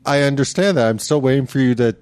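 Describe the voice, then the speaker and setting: A man's voice: mid-range voice, quick pace, darkish tone. A man co-hosting a podcast, pressing questions in a dry, impatient way. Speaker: podcast co-host. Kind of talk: casual chat.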